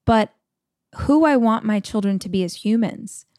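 A woman's voice: medium pitch, animated, normal speed, darkish tone, no room sound, clean studio sound. A woman hosting a motivational podcast, speaking earnestly and chattily and telling stories with emotion. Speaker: podcast host.

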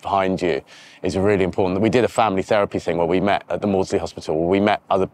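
Low-voiced man, reflective and halting. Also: steady tone, darkish tone, slight background noise. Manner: reflective, halting, with frequent restarts. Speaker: interview guest, TV presenter. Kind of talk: candid conversational interview. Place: outdoors by a river.

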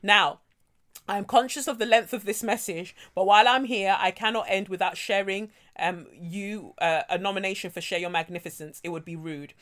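A woman co-hosting a podcast, reading out a listener's letter and chatting casually, animated and quick to laugh. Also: medium pitch. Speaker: podcast co-host.

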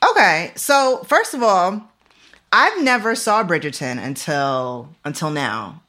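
A woman's voice: on the low side, very animated, slow pace, pushed and bright. A woman in her forties hosting a podcast in casual chat, talking loosely with lots of "like" and "you know". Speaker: podcast host.

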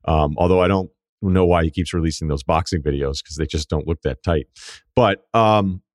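A deep-voiced middle-aged man hosts a podcast in a loose, chatty way. He tells stories emphatically, tossing in quick asides. His voice sits close and dry on the studio mic. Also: no echo. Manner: emphatic storytelling, quick asides, frequent laughs. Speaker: podcast host. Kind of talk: casual chat.

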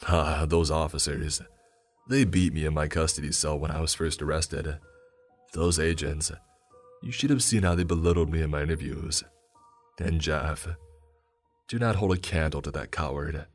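A man reading the part of a charming killer with a smooth, mocking voice that sits extremely deep. He gloats and justifies himself over faint background music in a spoken story. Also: normal speed. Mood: gloating. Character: charming, menacing male killer.

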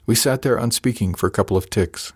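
Low-voiced man narrating an audiobook. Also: fast, husky. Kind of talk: scripted first-person audiobook narration.

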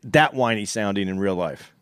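A man co-hosting a casual podcast, teasing his partner and jumping in with quick comments. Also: on the low side, clear, resonant tone, no echo, studio quality. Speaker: podcast co-host. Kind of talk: casual banter.

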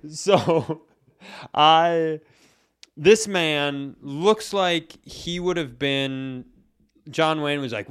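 A man's voice: fairly high pitch, drawn-out words, pauses often, smooth. A man co-hosting a comedy podcast, telling rambling stories full of self-corrections in casual chat. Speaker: podcast co-host.

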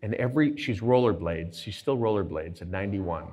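Animated middle-aged man telling stories. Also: fairly low pitch, brisk, slight background noise. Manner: animated anecdotes with quoted dialogue. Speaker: guest entrepreneur. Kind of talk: storytelling on stage.

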